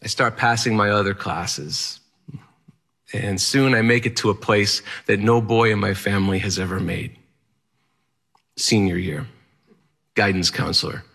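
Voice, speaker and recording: A man's voice: lowish voice, measured pace, creaky, pauses often, fairly bright tone, husky. A man telling a personal story on stage in vivid present tense, with a wry touch.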